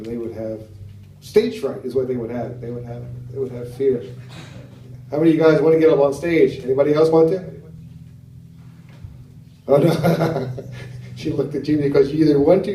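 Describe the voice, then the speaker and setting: An American man performing a stand-up comedy set on a club stage, talking in a halting way with many fillers and asides to the crowd. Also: medium pitch, mellow. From United States. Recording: roomy venue sound from a distance.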